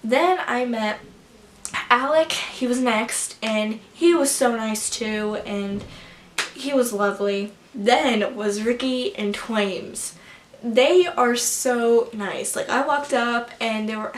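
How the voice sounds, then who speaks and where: Excitable girl vlogger rambling on, kinda roomy echo. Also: fairly high pitch, slow. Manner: gushing and excitable, rambling with many fillers. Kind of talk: casual storytime vlog. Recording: roomy with faint background noise.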